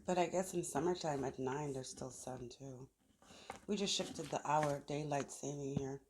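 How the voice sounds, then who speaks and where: A tarot reader gives a casual reading outdoors in the sun, chatting and thinking aloud as she pulls cards. Her voice sits low and moves at a moderate pace, with noise in the background.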